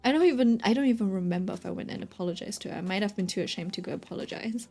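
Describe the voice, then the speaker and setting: A woman's voice: mid-range voice, racing, a little mellow, breathy edge, soft background music. A woman streamer telling a story in a casual, rambling way, full of fillers and constant "right?" check-ins. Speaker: streamer chatting while drawing.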